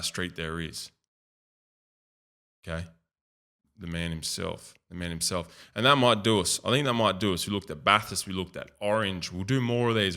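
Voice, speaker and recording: A man's voice: low-pitched, pushed and bright. An Australian man hosting a video, giving casual, rambling commentary and often repeating himself. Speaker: video host. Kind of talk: casual commentary over a screen tour.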